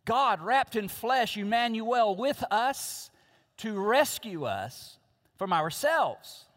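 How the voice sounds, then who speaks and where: A pastor with a high-pitched, slightly bright voice preaches a sermon from the pulpit, taking his time and swinging widely in pitch. He's emphatic and repeats key phrases, with the long reverb of a large hall behind him.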